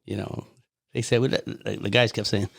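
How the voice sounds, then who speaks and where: An older man from the United States, a podcast guest telling anecdotes in a lively way, repeating words and laughing often. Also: fairly low pitch, normal speed, vocal fry, no echo, studio quality. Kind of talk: casual storytelling chat.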